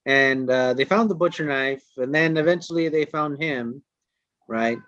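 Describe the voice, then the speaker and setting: This mid-range male voice belongs to a podcast co-host swearing his way through casual, animated storytelling at a moderate pace and acting out quotes. The sound is dry with no echo, dull and lo-fi.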